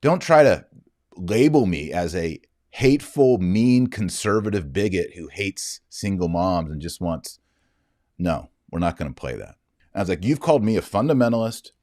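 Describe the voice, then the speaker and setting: A middle-aged man hosting a podcast, telling a story in a lively way and acting out the quoted dialogue. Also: deep voice, moderate pace, no room sound, studio quality. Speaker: podcast host. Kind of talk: casual commentary monologue.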